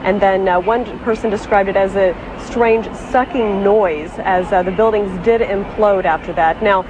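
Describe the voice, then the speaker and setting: A woman reporting the news in a measured way, with occasional fillers. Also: medium pitch, fairly even intonation, background noise. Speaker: news anchor.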